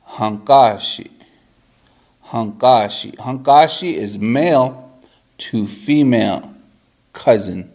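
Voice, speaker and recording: A man teaching a casual vocabulary lesson to a camera, repeating each word several times for practice and making relaxed, joking asides. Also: fairly low pitch. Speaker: language teacher.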